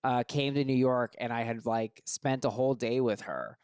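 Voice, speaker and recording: A man hosting a podcast, explaining himself in casual chat, earnest and a bit halting. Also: mid-range voice, fairly even intonation, darkish tone, clear, resonant tone, no echo, studio quality. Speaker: podcast host.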